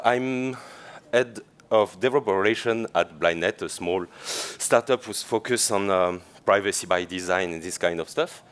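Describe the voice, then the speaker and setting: A man with a French accent giving a conference talk on stage, chatty and quick to laugh, with lots of fillers. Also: on the low side, clear, resonant tone. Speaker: conference speaker.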